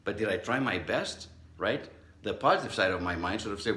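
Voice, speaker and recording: Lowish voiced guy telling a story in his talk, super lively up and down, echoey room. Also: a little fast. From Southern California. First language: not English. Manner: animated storyteller, acts out quoted voices. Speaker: psychologist giving a talk. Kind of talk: motivational talk with personal story.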